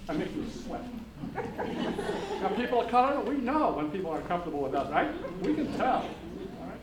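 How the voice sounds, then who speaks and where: A man speaking on a panel discussion, animated and engaging the audience with humor and questions. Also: high voice, brisk, over a noisy crowd, heavy background noise. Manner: animated, audience-engaging, uses put-on voices for quoted people. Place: conference hall.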